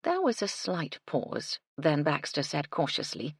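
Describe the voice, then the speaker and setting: Woman narrator, low voice, lively, measured reading, dry close mic. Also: creaky, breathy edge, no echo. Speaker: audiobook narrator. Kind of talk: scripted narration.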